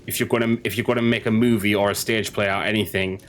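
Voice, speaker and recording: A man's voice: lowish voice, fairly even intonation, fast, a little hiss or hum. Rambling man, gaming commentary. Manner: rambling, opinionated, frequent restarts. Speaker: gaming streamer. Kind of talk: casual commentary over gameplay.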